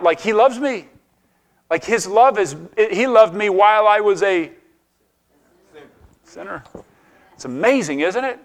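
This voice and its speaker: Middle-aged male pastor, higher-pitched voice, casual conversational sermon delivery. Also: fairly bright tone. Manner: conversational preaching, asks the congregation questions, frequent restarts and laughs.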